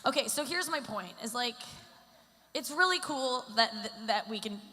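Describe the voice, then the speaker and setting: A woman's voice: a little high, animated, normal speed, sharp tone. Rambling woman comic in her thirties. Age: 30s. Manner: rambling, self-deprecating, filler-heavy delivery. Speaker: stand-up comedian. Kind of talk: stand-up comedy set. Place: comedy stage in a large hall. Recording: live venue with long hall reverb.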